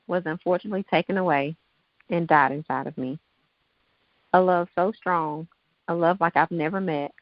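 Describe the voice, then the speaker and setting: Guest author, woman in her 30s, reads her poem with feeling. Lower voice, muffled dry recording. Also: dry recording. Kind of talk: reading her own poem aloud. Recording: dull lo-fi dry sound.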